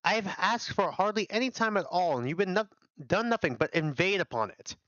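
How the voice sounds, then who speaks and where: A scornful, idle doctor in middle age, put on by a man, who drops his voice low and brushes everyone off. The delivery is dry and dismissive, and the sound is dull and close on a dead-dry mic. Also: animated, a little fast, pushed and bright, dry recording. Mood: irritated. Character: lazy, mocking middle-aged male doctor.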